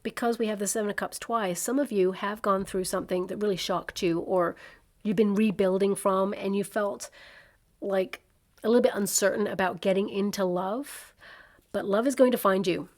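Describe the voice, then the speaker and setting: A woman's voice: medium pitch, fairly even intonation, normal speed, a little mellow. A woman giving a casual tarot reading to camera, chatty and reassuring, thinking aloud with plenty of fillers. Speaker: tarot reader.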